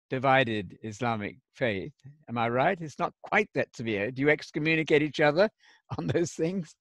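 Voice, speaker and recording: An older man talks with earnest enthusiasm, his fairly high voice rising and falling widely. He laughs often as he makes his points. The sound is dry and close, with no room around it. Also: no room sound. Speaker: Christian theologian guest. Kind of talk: conversational dialogue.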